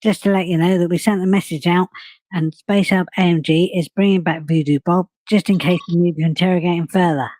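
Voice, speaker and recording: A man's voice: high voice, fairly even intonation, fairly quick, a little mellow, dry recording, pitched below the performer's own voice, lightly acted. A man voicing a lonely male astronaut reporting from a spaceship in a cheerful radio-style manner. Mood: chipper report.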